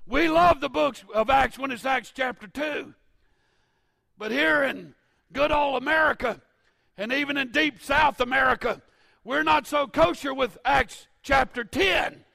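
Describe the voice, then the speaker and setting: Fifties male pastor, gravelly fry, dry close sound, fervent preacher swinging from shouts to quiet asides. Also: extremely high pitch, measured pace, no echo. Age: 50s. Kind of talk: sermon.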